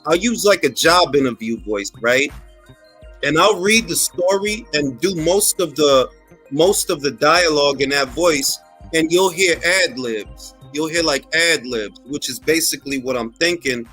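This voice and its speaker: A man's voice: on the high side, expressive, unhurried, bright, forceful tone, slightly rough, soft background music. A man hosting a casual boxing talk livestream, speaking conversationally, repeating phrases and tossing slangy asides to his chat. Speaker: boxing talk show host.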